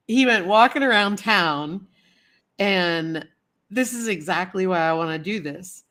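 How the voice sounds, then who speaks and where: A woman's voice: fairly low pitch, fairly bright tone. A woman hosting a casual livestream, chatting in a rambling way and greeting viewers in the chat. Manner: chatty, greets viewers and answers chat comments as she talks; rambling storytelling with many fillers and repeats. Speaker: livestream host.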